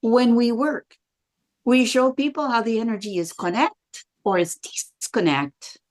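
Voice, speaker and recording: A woman's voice: on the high side, measured pace, close to an everyday voice. A woman imitating a colleague's Puerto Rican Spanish accent in earnest, broken English.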